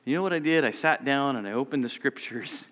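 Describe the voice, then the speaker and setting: A man who is a pastor, giving a sermon and telling a personal story, moving between loud passages and hushed ones. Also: mid-range voice, brisk. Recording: long church reverb.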